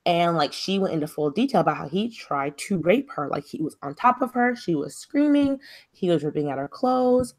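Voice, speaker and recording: A woman's voice: lowish voice, animated, moderate pace. A young woman co-hosting a casual talk show, retelling a story in a chatty way with lots of fillers. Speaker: podcast co-host. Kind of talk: casual chat.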